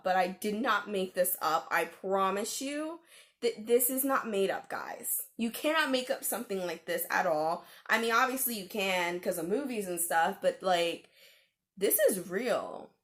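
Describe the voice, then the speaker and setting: A young woman vlogger telling a personal story in a casual, animated way, with fillers and laughs. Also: mid-range voice.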